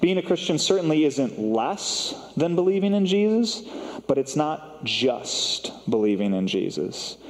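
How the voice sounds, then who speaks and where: A man's voice: on the high side, very animated, unhurried, long reverb tail, rough recording. A man preaching a sermon as a pastor, in a conversational, self-deprecating way with casual fillers. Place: church sanctuary.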